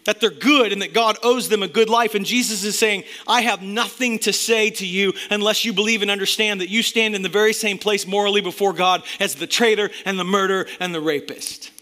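A male pastor delivers an impassioned sermon to his church, alternating loud, emphatic bursts with quiet, intense passages. His voice sits high with a steady tone, and he speaks fairly quickly with hardly any pauses.

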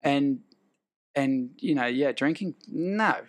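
A man's voice: medium pitch, takes it slowly. An Australian man, an actor, telling stories in a casual chat and acting out the dialogue he quotes. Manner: animated, acts out quoted dialogue, laughs between lines. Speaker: actor and guest. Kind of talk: casual storytelling.

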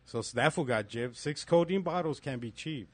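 A man's voice: medium pitch, lively intonation, moderate pace, no echo. A man in his thirties telling a profane story in casual chat, acting out the messages he quotes.

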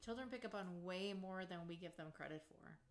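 A woman's voice: fairly low pitch, fairly quick. A woman co-hosting a podcast, chatting in a reflective, agreeable way. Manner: reflective, agreeable, finishes others' sentences. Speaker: podcast co-host. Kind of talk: casual chat.

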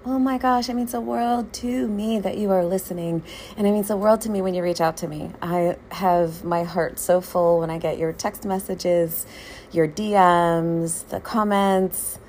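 A woman hosting a wellness podcast as a therapist and coach, talking in an effusive, animated storytelling way. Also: lowish voice, a little slow, a little hiss or hum. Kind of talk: podcast monologue.

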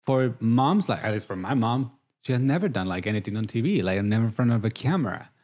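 A man's voice: mid-range voice, animated, fast. Chatty thirty-year-old man, English. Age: 30s. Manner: chatty and warm, with many "like" fillers. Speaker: guest. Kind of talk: casual interview.

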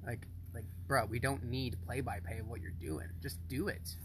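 A young man chatting bluntly, swearing freely and laughing often, in a middle-pitched voice. He is recorded on a phone held in his hand, with a faint hiss behind him. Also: steady tone, normal speed. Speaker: podcast co-host. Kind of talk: casual chat.

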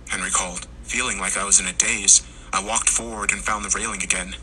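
A man narrating a horror story, acting out the characters' lines and rising to shouts in tense moments. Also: fairly low pitch, little pitch movement, fairly quick, a little hiss or hum, poor audio. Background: music.

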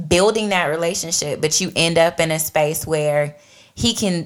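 A woman's voice: deep voice, moderate pace. A woman co-hosting a faith podcast, chatting casually and often asking "you know what I mean.". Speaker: podcast co-host.

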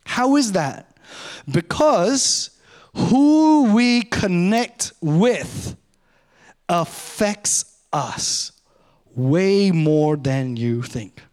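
A middle-aged man, a pastor, giving a sermon in a conversational, self-mocking way, speeding up and slowing down often. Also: sits high, lively intonation, a little mellow. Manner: conversational, self-mocking, varies pace a lot.

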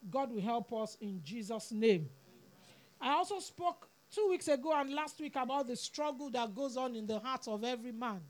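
A woman's voice: a little high, animated, moderate pace. A woman preaching a sermon, earnest and pleading, repeating words for emphasis.

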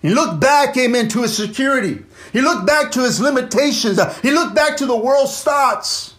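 A pastor delivering an impassioned sermon in a strikingly high voice for a man. He punctuates every thought with "amen" and "come on." He rises to loud bursts and then sinks into hushed, low asides. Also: animated, normal speed. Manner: fervent preaching, peppered with "amen" and "come on"; swings between loud exclamations and low, quiet asides.

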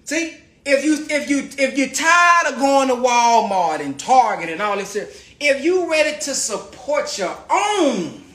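A man hosting a live stream, pitching a farm venture to his viewers in an emphatic, repetitive way that keeps calling out to the audience. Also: big pitch swings, unhurried, fairly bright tone, echoey room. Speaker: livestream host promoting a farm venture.

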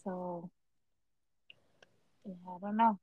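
A woman co-hosting a podcast chats casually at a slow, unhurried pace. She laughs easily and acts out the voices of the people in her stories. The recording is dry and close, with no room sound. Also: mid-range voice, steady tone, no echo, phone-quality sound. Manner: chatty, laughs often, acts out quoted voices. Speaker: podcast co-host.

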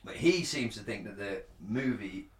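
A man's voice: lowish voice, lively intonation, moderate pace. A man from England co-hosting a casual podcast chat, swearing freely and reading quotes aloud. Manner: sweary, reads quotes aloud, laughs often. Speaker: podcast co-host. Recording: echoey room.

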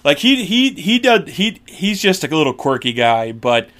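Bright, lively man chatting fast. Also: on the high side. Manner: rapid, joking, slangy. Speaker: podcast co-host. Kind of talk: casual chat.

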